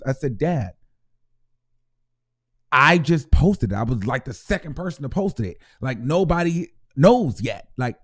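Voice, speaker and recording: A man's voice: medium pitch, darkish tone. Rambling emotional man hosting a vlog. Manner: rambling, emotional, full of fillers and restarts. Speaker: show host. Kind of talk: casual vlog commentary.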